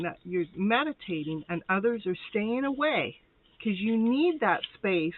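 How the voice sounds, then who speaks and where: A woman's voice: fairly high pitch, no echo. A woman hosting a live tarot show, chatty and rambling, laughing often and a little short of breath. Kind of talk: casual live tarot reading. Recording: tinny phone-like line, dry.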